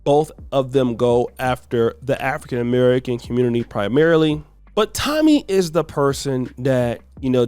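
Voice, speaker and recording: A man's voice: medium pitch, darkish tone, dry recording. A man hosting a commentary show, explaining things in a casual, conversational way. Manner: conversational, uses fillers while explaining. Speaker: commentary channel host.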